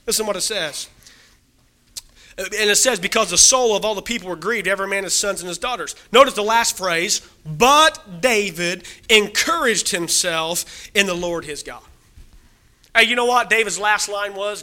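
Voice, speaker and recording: A man preaching a sermon, talking to the congregation and swinging between loud exhortation and quiet scripture reading. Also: high voice, moderate pace.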